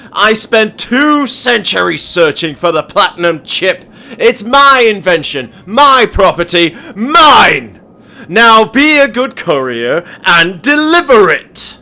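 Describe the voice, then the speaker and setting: A man voicing a ruthless, centuries-old male billionaire in a homemade monologue, stern and deliberate with a slight twang. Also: medium pitch, lively intonation, fairly bright tone. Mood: furious. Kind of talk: amateur voice acting monologue.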